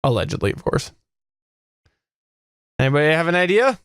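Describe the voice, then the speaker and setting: A man hosts a casual podcast trivia game, his voice smooth and resonant, with a lively, bouncing pitch. He jokes and laughs easily as he reads out questions. The sound is dry and close. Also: normal speed, no room sound. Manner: playful, laughs often, sings out sound effects. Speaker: podcast co-host running a trivia quiz.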